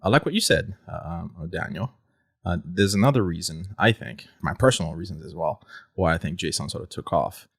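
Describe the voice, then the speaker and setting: A man's voice: low-pitched, expressive, moderate pace, creaky, slightly rough, no room sound, clean studio sound. A man co-hosting a casual tech podcast, making wry, joking interjections. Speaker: podcast co-host.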